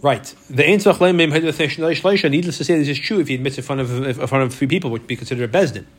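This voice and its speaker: A man's voice: a little high, fast, slightly rough. Man teaching a Talmud class. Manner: explains step by step, repeats words, restarts often. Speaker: Torah teacher.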